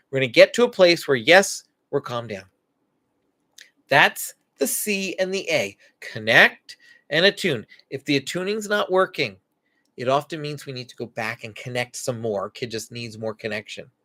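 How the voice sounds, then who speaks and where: Lively, animated male parenting coach. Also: mid-range voice. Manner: animated, acts out quoted parent and child lines; earnest, instructive. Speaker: Christian parenting coach, live stream host. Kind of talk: live-stream teaching talk.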